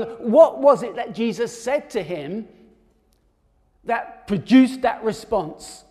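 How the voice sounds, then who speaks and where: A man's voice: extremely high pitch, lively intonation, takes it slowly, mellow. A man preaching a sermon, reading scripture and then explaining it in a conversational way with fillers and restarts. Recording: long hall reverb.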